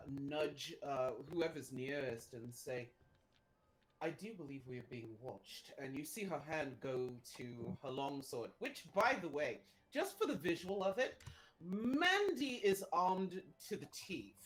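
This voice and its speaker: A woman speaks as a player in a tabletop game, slow and deliberate, with theatrical touches when she voices her character. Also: low voice, sing-song, poor audio.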